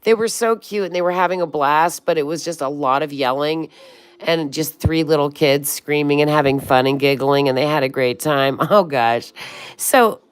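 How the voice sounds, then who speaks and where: A woman in her sixties hosts a relaxed livestream, greeting viewers as honey and sweetheart. Her chat is loose and friendly with the odd swear word. Her voice sits a little low. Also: normal speed, clear, resonant tone. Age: 60s. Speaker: livestream host. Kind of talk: casual livestream chat reading comments.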